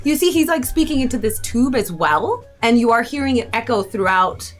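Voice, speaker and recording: A woman's voice: fairly high pitch, lively intonation, moderate pace, soft background music. A woman running a tabletop game as game master, giggly and making fun of herself. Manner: giggly, self-mocking.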